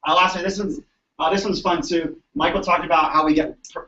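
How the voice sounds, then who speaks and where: A man, a chiropractor, telling patient stories to colleagues in an animated, chatty way, often asking "right?". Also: fairly high pitch, brisk, a little hiss or hum. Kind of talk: storytelling talk to an audience. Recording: echoey room, distant dull mic.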